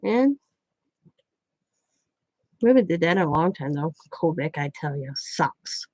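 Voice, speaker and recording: A woman's voice: low voice, animated, measured pace, darkish tone, dry recording. A middle-aged woman hosting a craft livestream, chatting casually and rambling through anecdotes while she works. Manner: rambling anecdotes, quoting others in her own voice. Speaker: craft channel host.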